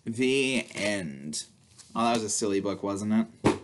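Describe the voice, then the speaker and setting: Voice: sits low, little pitch movement, quick pace, a little mellow. A storytime host at a public library who sings songs and reads a picture book to babies, in a playful, coaxing way. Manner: sing-song, playful, coaxing.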